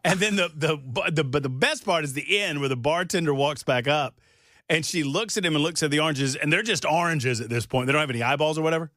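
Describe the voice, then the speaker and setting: A male radio talk show host chatting casually in the studio, rambling and animated. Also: fairly high pitch, fast talker, dry recording. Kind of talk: casual on-air banter.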